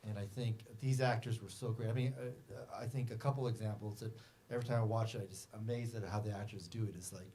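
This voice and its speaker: A man, the film's director, answering audience questions at a festival screening in a theater, rambling and animated with many fillers. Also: lowish voice, fast, slight background noise. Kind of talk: festival Q&A talk. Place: movie theater.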